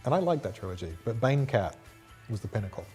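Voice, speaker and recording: A man's voice: fairly low pitch, fast talker, faint music behind. Chatty British man. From Britain. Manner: animated, many "like" fillers, jokey. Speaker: guest co-host. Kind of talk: casual chat.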